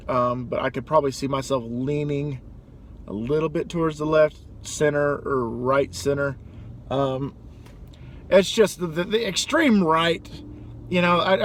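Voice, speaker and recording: Rambling young man, faint traffic behind. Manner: rambling, animated, breaks into loud high-pitched impressions. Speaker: vlogger. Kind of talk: casual monologue.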